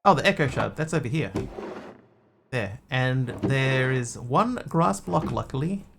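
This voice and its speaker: A man's voice: mid-range voice, expressive, measured pace, creaky, fairly bright tone, a little hiss or hum. A man streaming a game, rambling and talking to himself as he plays. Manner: rambling, talks to himself while playing. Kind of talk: casual gameplay commentary.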